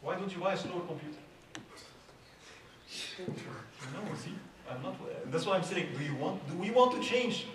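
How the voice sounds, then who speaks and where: A man's voice: high-pitched, animated, moderate pace, pauses often, a crowd in the background. A middle-aged man from Egypt, giving an informal religious talk to young people and firing off rhetorical questions. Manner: conversational, asks many rhetorical questions. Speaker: youth speaker. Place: large hall at a religious youth event. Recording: echoey hall, far from mic, background noise.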